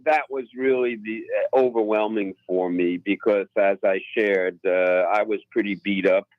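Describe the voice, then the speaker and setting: Low-voiced man telling flying stories. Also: steady tone, moderate pace, no echo, narrow, tinny audio. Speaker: pilot guest. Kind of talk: casual radio interview storytelling. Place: radio studio.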